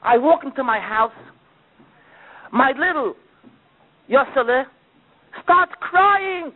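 A man with a strikingly high voice delivers a sermon as a dramatic storyteller, dropping to near-whispers and then rising again. The recording is thin and phone-like. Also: lively intonation, slow pace, long pauses. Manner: dramatic storytelling, swinging between loud and hushed. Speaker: preacher.

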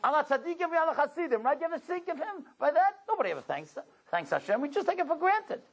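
A man's voice: very high voice, very animated, fast, rough recording. A man giving a storytelling talk to a congregation, exclaiming and asking rhetorical questions. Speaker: religious speaker.

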